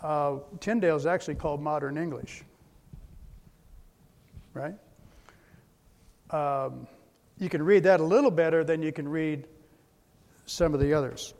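A man's voice: on the high side, unhurried, long pauses, a little mellow. A man giving a slide presentation lecture, methodical, spelling out words letter by letter. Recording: long hall reverb.

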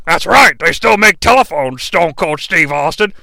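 A man's voice: fairly high pitch, lively intonation, moderate pace, creaky, bright, forceful tone, no room sound, clean studio sound, exaggerated voice. A man doing a blustering older boss. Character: domineering older male boss, blustering on phone.

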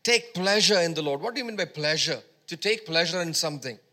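A man's voice: on the high side, animated, fairly quick, sharp tone. A man preaching a sermon as pastor at a church service, prompting the congregation to repeat words back to him in call-and-response.

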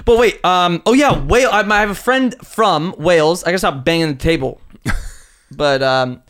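A young man in casual podcast chat, joking and swearing, breaking into loud laughs and shouts. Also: high voice, normal speed. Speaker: podcast co-host.

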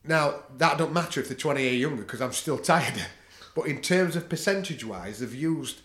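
At normal speed, a middle-aged Northern English man with a slightly high, somewhat bright voice guests on a podcast in an echoey room. Casual and blunt, this jiu-jitsu practitioner swears freely and laughs at his own stories.

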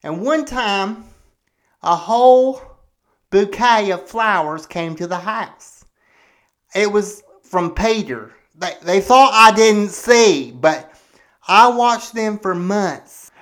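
A podcast host who is a pastor performs a comedic in-character monologue as a jealous, profane, paranoid middle-aged husband, cursing and ranting with aggrieved indignation. His high voice is expressive, slow and fairly bright, a full character voice.

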